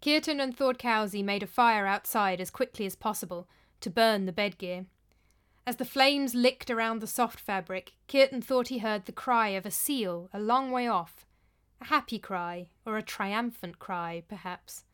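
A woman reading a story aloud in a measured, even narrating voice. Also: mid-range voice, smooth. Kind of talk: audiobook narration.

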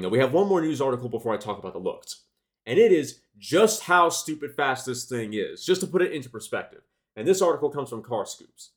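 Animated man reading car news. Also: medium pitch. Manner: reads with frequent restarts and self-corrections.

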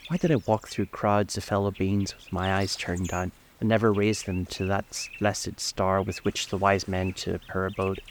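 A man's voice: low voice, little pitch movement, moderate pace, few pauses, a little hiss or hum. A man voicing the chained ghost of an old businessman, speaking in a solemn, grave, lamenting way.

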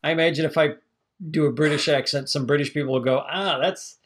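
A man with a husky, somewhat high voice talks through a film in a casual podcast chat. He is animated and laughs easily, slipping into playful voices when he quotes people. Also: quick pace. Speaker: podcast co-host reviewing films.

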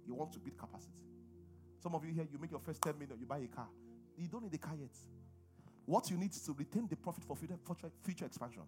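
A man's voice: fairly high pitch, fast, a little mellow, faint music behind. A middle-aged man with a Nigerian accent preaching a sermon and calling on the congregation to respond. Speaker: pastor.

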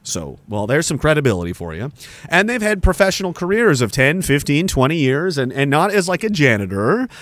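A man's voice: a little high, big pitch swings, brisk, a bit bright, dry recording. Sarcastic man ranting on stream. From Canada. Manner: sarcastic, profane, laughs between remarks. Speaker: livestream host. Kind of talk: casual ranting commentary. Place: indoor room by a woodpile.

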